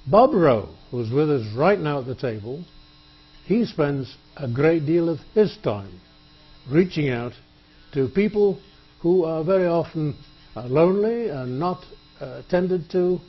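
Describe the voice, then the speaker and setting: A man hosting a studio talk show, chatty and joking, with many halting fillers. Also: on the high side, animated, husky, highs cut off. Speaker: TV show host. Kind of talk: public-access studio interview. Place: TV studio table.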